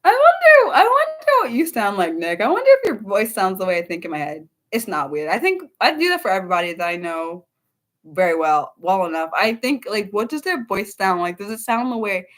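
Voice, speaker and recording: A woman's voice: mid-range voice, big pitch swings, a little fast. A young woman hosting an unscripted livestream, rambling and breaking off mid-sentence as she answers her chat. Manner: rambling, self-interrupting, answers chat aloud. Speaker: livestream host.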